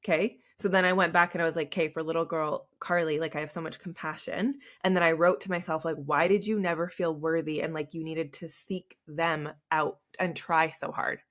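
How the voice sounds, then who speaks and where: A woman's voice: low voice, steady tone, fairly quick, hardly any pauses, a bit bright. A young adult woman hosting a solo podcast, talking candidly and tearfully with many fillers. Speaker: podcast host.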